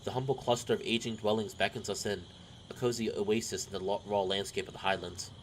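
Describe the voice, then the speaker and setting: A man's voice: fairly low pitch, fairly even intonation, a little fast, a little hiss or hum. A man casually reading a visual novel aloud and chatting about it as he plays, with fillers and rambling asides. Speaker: game streamer. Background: game music.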